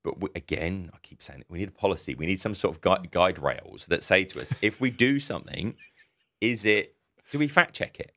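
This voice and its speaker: Fast, animated man, deep voice. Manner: animated, acts out quoted dialogue. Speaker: podcast co-host. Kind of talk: casual podcast discussion.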